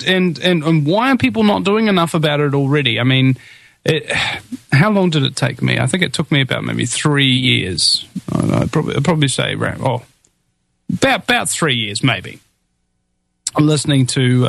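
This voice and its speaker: A man's voice: mid-range voice, gravelly, a bit bright, no room sound. A man from New Zealand hosting a political talk radio show, speaking in an impassioned, rallying way with many restarts and fillers.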